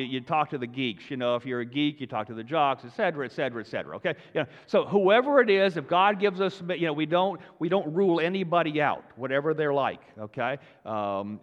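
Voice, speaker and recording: Pastor teaching in a reverberant hall. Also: male voice, medium pitch, a little fast, few pauses. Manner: conversational, many fillers and restarts, rising for emphasis. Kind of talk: sermon teaching. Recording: dull sound in a long-reverb hall.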